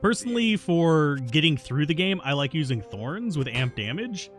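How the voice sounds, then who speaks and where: A man's voice: fairly high pitch, very animated, moderate pace, soft background music. A man streaming a video game live, chatting casually and answering viewers' questions between plays, stubborn and self-mocking. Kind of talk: casual live gameplay commentary.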